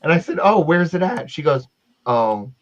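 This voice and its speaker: A man's voice: high-pitched, expressive, fairly quick. Giggly man telling a rant, lo-fi. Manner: giggly, exaggerated storytelling. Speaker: co-host. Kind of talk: casual chat. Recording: dull lo-fi sound.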